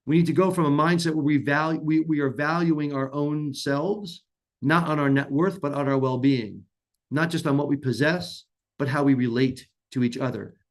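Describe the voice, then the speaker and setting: A man's voice: on the high side, moderate pace. Man, conference talk, earnest, emphatic delivery, frequent restarts. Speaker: conference speaker.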